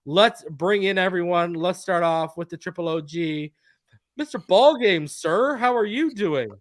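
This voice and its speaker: Hyped high-voiced man hosting. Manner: hyped, fast-talking, crowing. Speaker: host of a live post-game stream. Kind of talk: live sports fan show chat.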